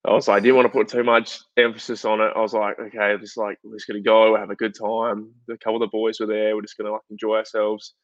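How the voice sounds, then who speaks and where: A young Australian man, a guest footballer, telling a story in a chatty, animated way full of fillers. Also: fairly low pitch, quick pace, hardly any pauses, no room sound. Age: young adult. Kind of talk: casual interview storytelling. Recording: dull, dry lo-fi podcast audio.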